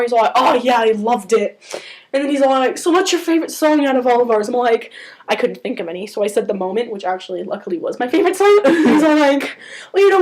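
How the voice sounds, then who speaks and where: A teenage girl telling an excited, gushing story and often breaking into giggles. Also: high-pitched. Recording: noisy home video.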